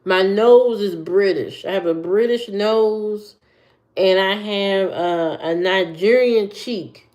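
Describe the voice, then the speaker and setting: A woman from Indiana hosts a casual livestream and answers her viewers at an unhurried, drawn-out pace. Her delivery rambles, doubles back, and repeats phrases while she works out what to say next. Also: mid-range voice, darkish tone, highs cut off. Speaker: livestream host.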